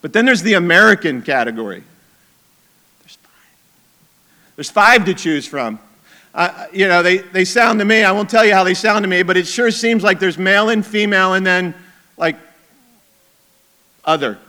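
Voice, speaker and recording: Casting: male pastor with a high, bright voice, preaching in an easy, conversational way. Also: normal speed. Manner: conversational preaching, drops to quiet intensity. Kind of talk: sermon.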